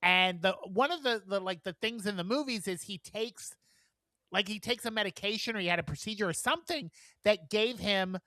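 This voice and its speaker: A tired man co-hosting a casual podcast, rambling and giggling through his stories. His voice is bright and lively. It is recorded close and dry. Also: high-pitched, normal speed, no echo. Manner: chatty and giggly, rambling with many fillers. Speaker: podcast co-host. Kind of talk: casual chat.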